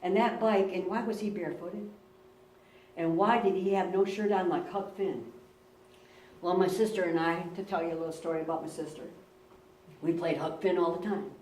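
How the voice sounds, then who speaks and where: A woman's voice: fairly low pitch, steady tone, moderate pace, long pauses, a little mellow, slight background noise. Woman, pastor, sermon, earnest storytelling, far from the mic, roomy church echo. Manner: earnest storyteller, repeats words for emphasis. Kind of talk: sermon with personal stories. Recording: roomy church, recorded from a distance.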